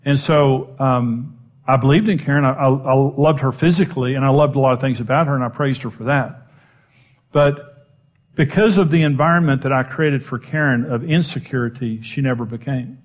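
A middle-aged man pastor preaching a sermon, telling a personal story in a self-deprecating way and rising in pitch for emphasis. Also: normal speed.

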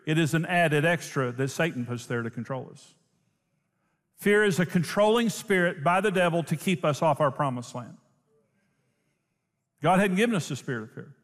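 A man preaching a sermon, telling a story in an animated way and laughing often. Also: fairly high pitch, moderate pace, long pauses. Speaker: pastor. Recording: long hall reverb.

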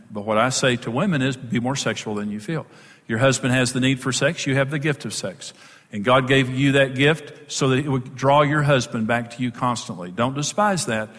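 A man's voice: medium pitch, normal speed, a bit bright. A middle-aged man giving a humorous talk on marriage, joking and acting out little quotes as he teaches. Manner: jokey, self-deprecating, acts out quotes. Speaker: marriage speaker. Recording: long reverb of a large hall.

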